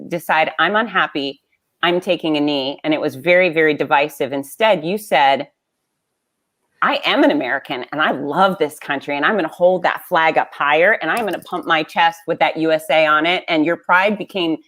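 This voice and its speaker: A woman hosting an interview, asking questions and affirming her guest with enthusiasm. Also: fairly low pitch. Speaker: interview host.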